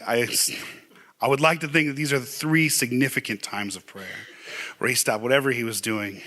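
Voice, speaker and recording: A man's voice: mid-range voice, pushed and bright. A middle-aged man preaching a sermon in a church, earnest and conversational, at times pleading. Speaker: pastor. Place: church sanctuary.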